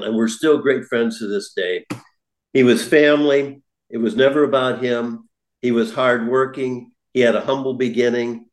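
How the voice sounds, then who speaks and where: A man's voice: medium pitch, roomy sound. An older man, a former baseball broadcaster, telling stories in a chat and laughing easily. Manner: warm storyteller who laughs easily. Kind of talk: storytelling in a podcast chat.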